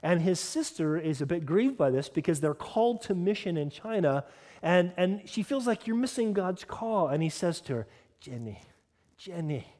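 A man's voice: on the high side, animated, moderate pace, a little mellow. A man preaching a sermon as a pastor, moving between earnest teaching and casual conversational asides. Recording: long hall reverb.

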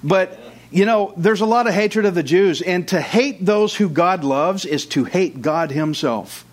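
Man preaching a lively sermon. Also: sits high, measured pace. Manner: conversational preaching with asides and jokes. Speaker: pastor. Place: church.

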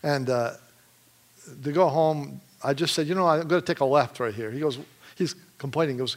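A man from Michigan giving a testimony in a sermon, telling his story with animated energy and frequent laughs. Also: fairly high pitch, normal speed. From Michigan, USA.

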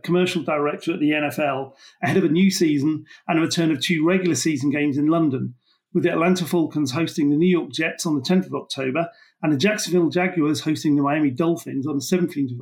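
A man hosts an industry podcast, running through his introduction at a quick clip. His voice sits a bit high for a man. When he asks questions he tumbles over his words and repeats himself. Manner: brisk, stumbles when asking questions. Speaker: podcast host, features writer. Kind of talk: scripted intro then interview questions.

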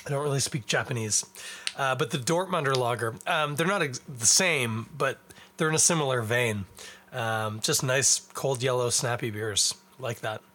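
A young man with a Canadian accent and a bright, forward tone talks at a middling pitch. He hosts a podcast alone and chats in a loose, rambling way, poking fun at himself as he goes. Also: moderate pace, a little hiss or hum. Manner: rambling, self-deprecating, chatty while eating and drinking. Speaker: podcast host. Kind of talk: casual solo podcast chat.

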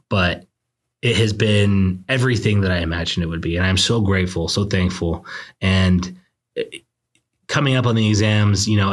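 A man's voice: deep voice, fairly bright tone. A young man, a law student, hosting a casual solo podcast, talking in a rambling, reflective and self-deprecating way. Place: indoors late at night.

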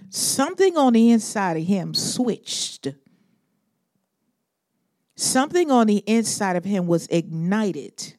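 A woman preaching a sermon. She is animated and swings between loud emphatic bursts and hushed asides, acting out Bible figures in modern slang. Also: medium pitch, slow, no room sound, clean studio sound.

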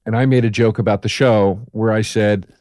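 A man's voice: on the low side, fairly even intonation, moderate pace, a little mellow, no echo, clean studio sound. A man hosting a comedy podcast, teasing his guest and laughing often in casual banter. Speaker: podcast host.

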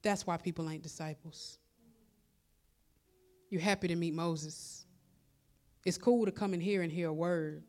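Lady pastor preaching, lowish voice, loose and repetitive, talks right to the crowd. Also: fairly even intonation, unhurried, long pauses, darkish tone. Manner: conversational preaching, repetitive exhortation, colloquial. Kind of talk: sermon.

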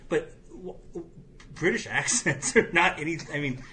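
A man's voice: a little high, animated, normal speed, sharp tone. A man hosting a podcast, chatting casually and animatedly with lots of fillers. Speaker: podcast host.

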